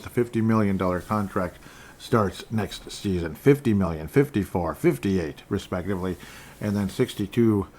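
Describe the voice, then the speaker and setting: A man's voice: on the low side, darkish tone. A man hosting a casual solo sports podcast, rambling and interrupting himself, with offhand rants and frequent chuckles. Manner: rambling, self-interrupting, digressive; chuckles often, offhand ranting. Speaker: podcast host.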